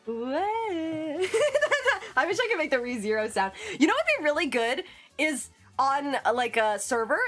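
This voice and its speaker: Faint background music plays as a woman chats casually on her livestream in a high, fairly bright voice. Giggly and talkative, she describes herself as a yapper.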